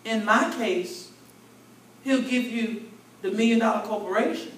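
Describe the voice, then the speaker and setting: High-voiced bishop preaching in an echoing hall. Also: male voice, unhurried, a bit bright. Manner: folksy, vernacular, call-and-response with the congregation. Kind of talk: conversational sermon teaching. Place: large church convention hall. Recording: echoey hall from far off, faint room noise.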